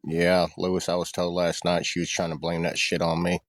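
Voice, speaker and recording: A man's voice: deep voice, monotone, fairly quick, dry recording. A man ranting on his livestream in a heated, profane, defensive way. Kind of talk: casual livestream rant.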